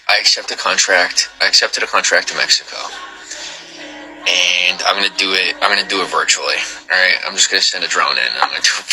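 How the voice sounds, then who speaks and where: A man's voice: deep voice, rough recording. A man hosting a livestream, chatting casually with viewers and rambling with joking asides. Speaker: livestream host.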